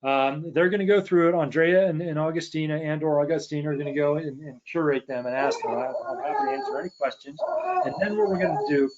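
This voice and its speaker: A man's voice: on the high side, fast, darkish tone, lo-fi sound. A man coaching leadership in a webinar, talking emphatically with frequent restarts and repeated words. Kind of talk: webinar presentation.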